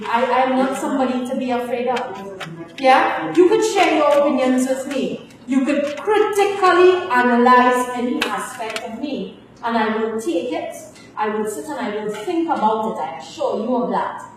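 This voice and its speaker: A woman's voice: sits high, normal speed. A middle-aged woman teacher with a Trinidadian accent lecturing her class in a stern, scolding way, ending her points with tag questions. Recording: echoey room, distant, faint hiss.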